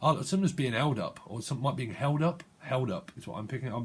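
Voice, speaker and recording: A man's voice: mid-range voice, animated, fast talker, breathy edge. A man with a British accent giving a casual tarot reading, rambling playfully and acting out imagined voices full of slang. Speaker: tarot reader.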